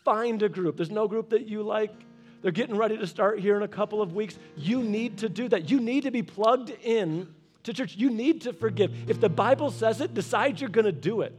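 High-voiced man preaching earnestly. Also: moderate pace, darkish tone, soft background music. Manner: earnest, exhorting, repeats short commands. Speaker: pastor. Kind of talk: sermon with personal storytelling.

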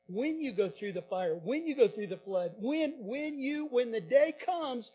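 A man preaches with a strikingly high voice, pausing and repeating phrases for emphasis. His delivery swells and drops as he addresses the congregation, while a faint hum sits under the recording. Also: a little mellow, lo-fi sound. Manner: impassioned preaching with dramatic pauses and repetitions. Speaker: pastor. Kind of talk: sermon.

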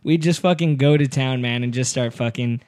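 Animated, swearing young man telling stories. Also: medium pitch, moderate pace. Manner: animated storyteller, swears a lot, acts out quotes. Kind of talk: casual chat.

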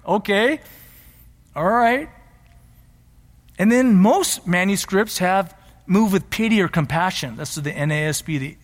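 A middle-aged man preaching a sermon as pastor, teaching earnestly and building to emphatic passion. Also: on the high side. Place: church sanctuary. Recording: long hall reverb.

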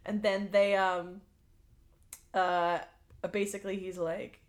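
A woman co-hosting a podcast, chatting casually about movies with lots of fillers and quick retellings. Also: lowish voice, steady tone. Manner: chatty, lots of "like", acts out quotes. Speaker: podcast co-host. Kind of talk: casual chat.

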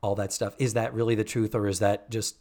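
A man's voice: lowish voice, level tone, a little fast, a little mellow. Chatty man recapping a TV show. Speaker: podcast host. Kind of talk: casual chat recapping a TV episode.

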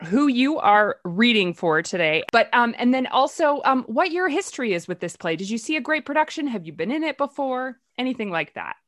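A woman's voice: on the high side, very animated, a little fast, few pauses. A woman hosting a play-reading group, chatty and rambling with lots of fillers. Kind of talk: casual talk.

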